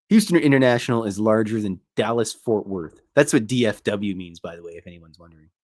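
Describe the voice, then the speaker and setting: A man's voice: lowish voice, animated, normal speed, a little mellow. A Canadian man who hosts a cartoon show, telling meandering, jokey stories and often interrupting himself. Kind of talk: rambling casual storytelling.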